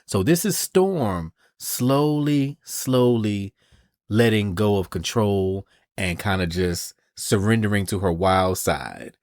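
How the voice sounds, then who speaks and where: An animated male podcast host recaps a comic book in a casual, swearing, playful way. His voice sits on the low side. The sound is close-miked and dry. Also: measured pace, hardly any pauses, no room sound.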